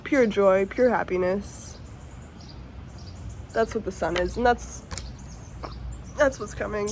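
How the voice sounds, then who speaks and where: A woman's voice: medium pitch, slow pace, long pauses, a little mellow, slight background noise. A woman giving a casual, emotional tarot reading to her viewers, earnest and swearing now and then, at times close to tears. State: tearful at times. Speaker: tarot reader.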